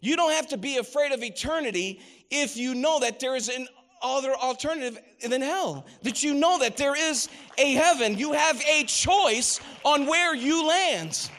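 A middle-aged man with a high-pitched voice delivers a sermon. He tells stories with rising emphasis and quotes scripture. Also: expressive, measured pace, a bit bright. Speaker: preacher.

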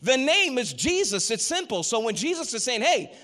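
High-voiced male preacher telling stories. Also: big pitch swings, normal speed, bright, forceful tone. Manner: storytelling with rising emphasis, quoting scripture. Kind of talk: sermon.

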